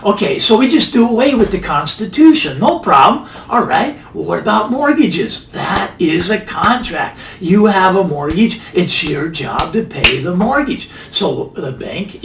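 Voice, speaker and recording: A finance channel host delivers a lively, casual monologue of commentary, speaking emphatically and repeating phrases for effect. His voice is high-pitched and a little slow. The recording is roomy, with the mic a bit distant, faint ambience, and slight background noise.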